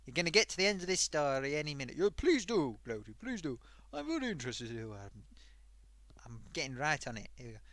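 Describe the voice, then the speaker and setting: A performer talks fast, with no room sound, voicing a chatty old grandmother sock puppet who hosts a live stream. The puppet tells a rambling story in an animated way, her pitch swinging wildly.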